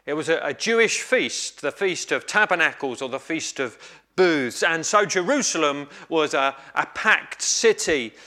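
A man preaching a sermon, telling a story in a measured, reflective way with pauses. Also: fairly high pitch, sharp tone.

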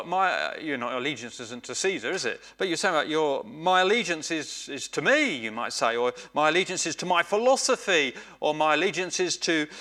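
A man preaching a sermon, slow and emphatic, often repeating phrases for weight. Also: on the high side, sharp tone.

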